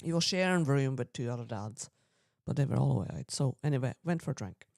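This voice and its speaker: A woman co-hosts a podcast, telling a story in loose, chatty fashion. She often clears her throat and slips into other people's voices as she recounts what they said. The sound is close and dry. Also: very deep voice, lively intonation, quick pace, a little mellow, no echo. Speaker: podcast co-host. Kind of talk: casual storytelling chat.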